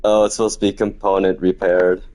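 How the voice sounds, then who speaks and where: Low-pitched male streamer, relaxed self-talk gameplay commentary, light background noise. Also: brisk. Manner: low-key, muttering to himself while playing. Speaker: gaming streamer.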